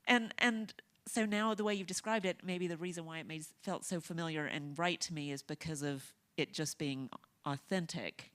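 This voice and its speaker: A woman's voice: low voice, normal speed, fairly bright tone. A woman hosting a radio interview, thinking aloud in a musing, thoughtful way as she reacts to her guest. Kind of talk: conversational interview.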